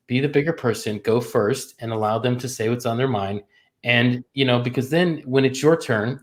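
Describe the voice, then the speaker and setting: A man with a mid-range voice co-hosts a casual livestream with his wife. He's playful, quick to laugh, and swears casually as they talk.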